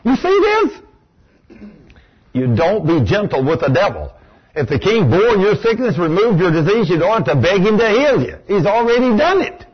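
A man's voice: high-pitched, big pitch swings, a little fast, breathy edge. A man preaching a sermon in a folksy, emphatic way, acting out the voices he quotes. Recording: dull lo-fi recording.

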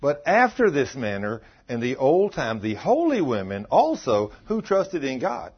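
Unhurried and husky, a man with a mid-range voice preaches a sermon. He animatedly tells a story, acting out dialogue and quoting scripture, though the recording is dull and lo-fi.

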